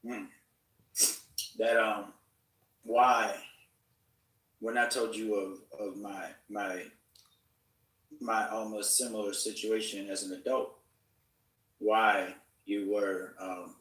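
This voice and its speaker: A man speaking reflectively in conversation, halting and searching for his words. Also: on the low side, flat delivery, a bit bright, reverberant, distant mic, rough recording.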